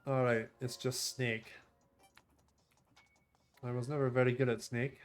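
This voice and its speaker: A man streaming a game, reading its text aloud and chatting casually in a relaxed, trailing-off way. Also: medium pitch, a little slow, soft background music.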